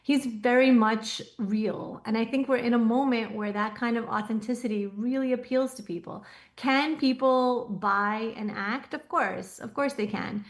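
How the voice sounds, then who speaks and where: A woman's voice: a little high, measured pace. Firm-voiced woman talk show guest. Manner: firm, dismissive, opinionated. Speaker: guest commentator.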